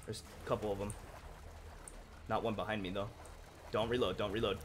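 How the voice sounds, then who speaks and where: A man's voice: on the low side, flat delivery, brisk, slight background noise. A man streaming a video game, talking to his chat in a rambling, profane way, heated and then apologetic. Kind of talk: live-stream chat while gaming.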